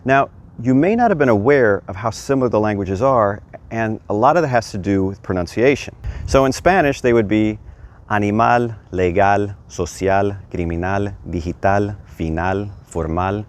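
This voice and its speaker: A man's voice: mid-range voice, animated, brisk. A man teaching a video language lesson outdoors, upbeat and explanatory, spelling out letters as he goes. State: sweating in the heat. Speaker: Spanish teacher. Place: outdoors in hot weather.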